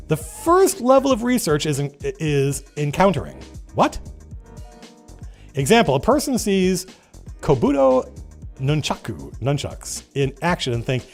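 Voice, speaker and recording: A man hosting a casual livestream with a voice that sits high for a man and jumps lively across its range. He reads old game zines aloud and keeps interrupting himself with rambling asides. Faint music plays underneath. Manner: animated, rambling, breaks off to comment. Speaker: livestream host.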